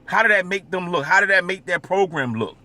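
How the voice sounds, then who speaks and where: A man's voice: high voice, lively intonation, a little fast, pushed and bright. A man vlogging in a casual, rambling monologue, with stammering repeats and constant filler asides.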